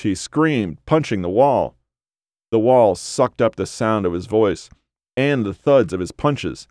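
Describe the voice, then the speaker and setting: Guy reading a novel aloud, lowish voice, super dry close mic. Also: darkish tone, no echo. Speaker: narrator. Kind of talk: audiobook narration.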